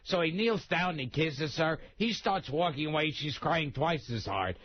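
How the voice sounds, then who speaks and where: A man's voice: a little high, animated, unhurried, slight background noise. A man telling dirty jokes as a guest comedian on a radio show, laughing often at his own punchlines. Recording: dull lo-fi radio broadcast.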